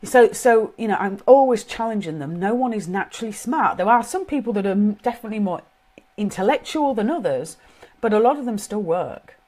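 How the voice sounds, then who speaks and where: Brisk and animated, this middle-aged British woman has a medium-pitched voice with a darkish tone. She coaches parents, giving an earnest, informal talk while thinking out loud.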